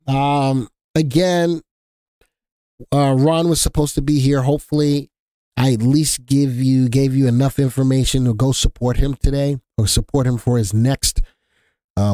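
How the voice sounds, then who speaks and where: A man's voice: medium pitch, a little mellow, no echo, clean studio sound. A man hosting a live stock market stream, chatting casually and joking with viewers in the chat. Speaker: stock market livestream host.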